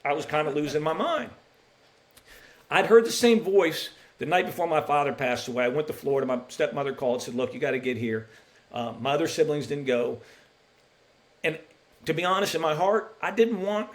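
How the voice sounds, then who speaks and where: A middle-aged man, a basketball referee, telling his personal faith story on a podcast in an earnest, emotional way, restarting often. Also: a little high. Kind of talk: personal testimony in a podcast interview.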